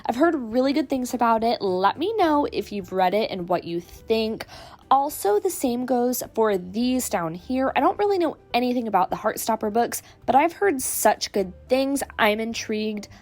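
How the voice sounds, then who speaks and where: A woman's voice: on the high side, moderate pace. A woman recording a casual book-shopping vlog voiceover, chatty and upbeat, her voice a little sick from a cold. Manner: chatty and upbeat, excited gasps. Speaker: book vlogger. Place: recorded at home after the shopping. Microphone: voiceover mic.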